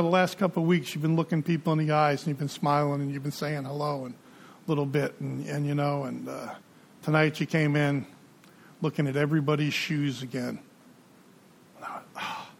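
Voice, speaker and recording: Gravelly man telling his story. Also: a little high, a little hiss or hum. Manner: conversational storytelling, acts out quoted dialogue. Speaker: guest speaker. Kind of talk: personal recovery story at a meeting.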